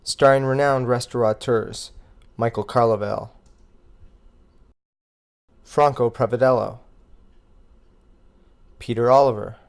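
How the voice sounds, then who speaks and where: A man delivering documentary narration in a scripted, measured way. His voice sits at a middle pitch. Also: fairly even intonation, vocal fry. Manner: measured, announcing names.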